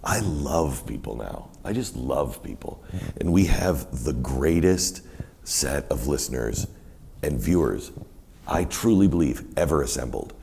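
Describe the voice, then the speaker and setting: A very deep, gravelly male voice carries a rambling onstage story, his pitch swinging widely as he acts out what others said. He sounds middle-aged, speaking at a university event before an audience. A faint hiss sits beneath the room sound. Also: measured pace. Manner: animated, rambling storyteller who quotes others in many voices. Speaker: guest. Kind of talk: storytelling in a live onstage conversation.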